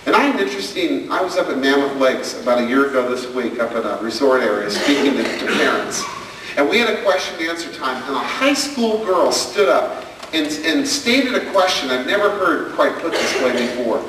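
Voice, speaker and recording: A man's voice: medium pitch, animated, a little fast, noisy background. Man telling stand-up stories in an echoey hall. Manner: storytelling, acting out his daughter's questions. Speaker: stand-up comedian and parenting speaker. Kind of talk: stand-up comedy routine. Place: hall with an audience. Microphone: far camcorder. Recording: echoey, distant camcorder recording of a hall.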